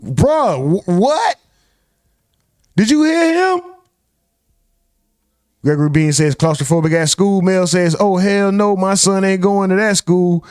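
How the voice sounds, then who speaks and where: Young guy on a live reaction stream, kinda high voice, dry close mic, keeps reading chat out loud and losing it. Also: smooth, no echo. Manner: incredulous, swearing, reads chat comments aloud.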